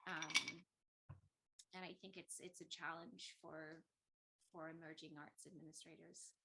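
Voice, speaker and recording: A woman's voice: low voice, level tone, a little slow, vocal fry, sharp tone, rough recording. A woman guest on an online panel, talking thoughtfully with many ums and likes over a video call. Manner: thoughtful, many fillers and hedges. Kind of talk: casual online panel chat.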